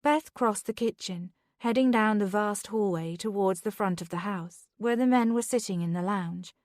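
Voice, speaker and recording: Brief: female audiobook narrator, steady and measured, dead-dry studio read. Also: mid-range voice, dry recording. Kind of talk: scripted narration.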